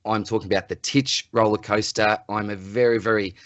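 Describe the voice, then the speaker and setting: Aussie bloke on a footy podcast, lowish voice, dead dry mic, gets worked up and rants. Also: male voice, fairly quick, dry recording, muffled recording. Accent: Australian. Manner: animated ranting, exasperated. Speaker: podcast co-host. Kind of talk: casual sports podcast chat.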